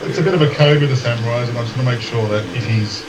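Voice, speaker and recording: A man playing a tabletop game, asking quick, hesitant questions about the rules. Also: mid-range voice, very noisy. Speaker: player. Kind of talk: casual tabletop game chat.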